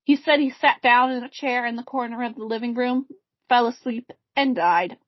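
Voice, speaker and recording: A woman with a somewhat high voice tells a ghost story to friends on a podcast. She reads it in a measured, casual way. The sound is dry and slightly dull. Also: no echo. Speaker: podcast co-host telling a spooky case.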